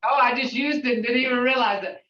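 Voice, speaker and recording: A woman's voice: fairly high pitch, fast talker, fairly bright tone. An older woman teaching a language class, sounding words out syllable by syllable with chatty asides. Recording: echoey, distant, dull sound.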